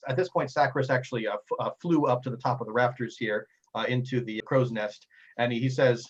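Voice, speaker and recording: A man narrating as game master of a tabletop game, halting and full of fillers. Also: mid-range voice, breathy edge, lo-fi sound.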